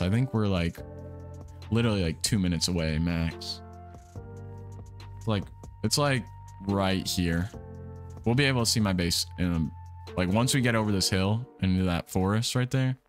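Young man chatting on a relaxed game stream. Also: lowish voice, normal speed, pauses often. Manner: relaxed, rambling, repeats words and restarts often. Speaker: livestream gamer host. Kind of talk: casual livestream chat while playing. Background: soft background music.

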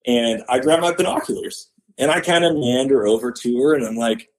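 A man's voice: mid-range voice, a little fast, poor audio. A man, a podcast guest and hunter, telling a story casually and acting out the voices of the people in it. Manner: animated, acts out quoted voices.

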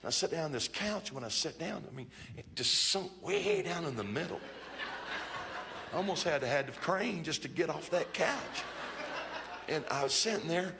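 A man's voice: a little high, expressive, normal speed, vocal fry, background noise. A man preaching at a church conference, telling a folksy, joking story and acting out the people he quotes. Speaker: bishop preaching. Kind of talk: storytelling sermon.

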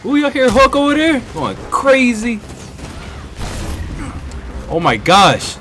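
A man giving excitable live commentary while playing a video game, trash-talking and whooping at the action. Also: very high voice, slow, a little hiss or hum. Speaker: gaming YouTuber. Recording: game music playing behind.

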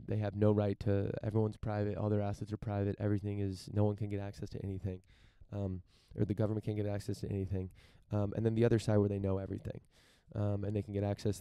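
A man from the United States commenting casually on news and reading passages aloud, halting and repeating words as he searches for his point. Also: lowish voice, gravelly, mellow, clean tone, dry recording, studio quality. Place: outdoors in front of a mansion.

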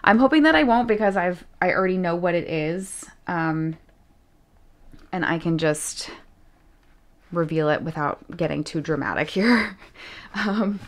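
Woman vlogger, deep-pitched, chatty unboxing delivery, effusive with awed hushed asides. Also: moderate pace. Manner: gushing and effusive, drops to awed whispers. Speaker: vlogger unboxing fan mail. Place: home studio.

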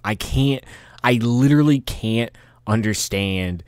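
A man's voice: medium pitch, slow pace, long pauses, no echo, studio quality. A man hosting a podcast, delivering a rambling, profane rant with angry bursts and frequent restarts. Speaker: podcast host.

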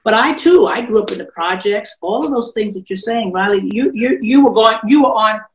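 A woman's voice: medium pitch, animated, brisk, a little hiss or hum. A woman raised in Brooklyn, New York, hosting a casual discussion in an emphatic, encouraging way. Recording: echoey room.

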